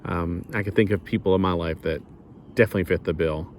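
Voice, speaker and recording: A man with a fairly low voice talks through a comic review in a loose, rambling way. He wanders off topic and catches himself. Faint wind noise drifts behind him outdoors. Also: steady tone, fast talker. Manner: meandering, loses his place and corrects himself. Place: outdoors near the beach.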